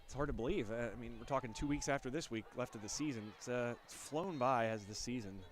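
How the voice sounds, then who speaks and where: A man with a stuffy nose and nasal voice calling high school football play-by-play, getting louder on big plays. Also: fast talker, a little hiss or hum. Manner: energetic play calls, rising on big plays. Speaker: play-by-play announcer.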